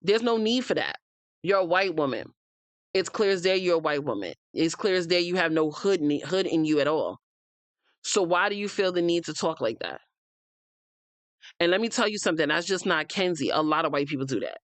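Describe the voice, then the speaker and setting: Fairly low and expressive, this US woman talks briskly in a dry, roomless recording. Recapping reality TV in a casual, opinionated way, she gets heated, curses openly, and addresses cast members directly.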